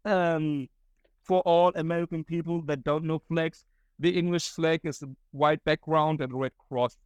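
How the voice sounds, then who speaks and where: A man's voice: on the high side, fairly even intonation, a little slow, pauses often, darkish tone, smooth, no room sound, muffled recording. A young German man with a German accent, rambling through a casual solo podcast story, swearing and laughing often. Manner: rambling, profane, laughs often, acts out quotes. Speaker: podcast host.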